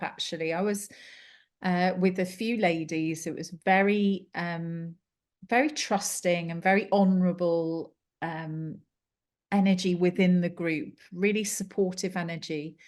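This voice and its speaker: A middle-aged British woman with a British accent, a clairvoyant telling a reading story in an interview, with many ums. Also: fairly low pitch. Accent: British English. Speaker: clairvoyant and yoga teacher.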